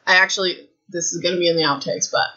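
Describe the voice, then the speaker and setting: Hoarse woman podcasting at home, rambly and jokey, says like constantly, bright edgy voice, kinda dull lo-fi sound. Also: lowish voice, fairly even intonation, fast talker. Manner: chatty, self-mocking, says "like" a lot. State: hoarse, raspy throat. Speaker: podcast host. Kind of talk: casual chat, rambling book summary.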